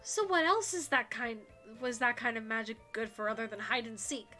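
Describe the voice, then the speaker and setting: A woman's voice: fairly high pitch, expressive, normal speed, sharp tone, soft background music. A woman playing a flustered young witch girl. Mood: curious. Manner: exclamatory, flustered. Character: excitable young female witch heroine.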